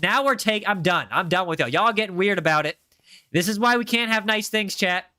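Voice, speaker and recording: Guy streaming and bantering w chat, kinda high bright voice, repeats himself a lot. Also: expressive, a little fast, clear, resonant tone, no room sound, clean studio sound. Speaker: live streamer. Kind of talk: casual live-stream chat.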